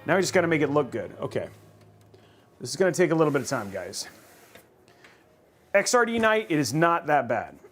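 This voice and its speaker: Male livestream host, a bit high-pitched, rambling casual commentary, faint music underneath. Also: very animated, fairly quick, pauses often, a bit bright. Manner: chatty, thinks aloud, many restarts. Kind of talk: casual live commentary while building a PC.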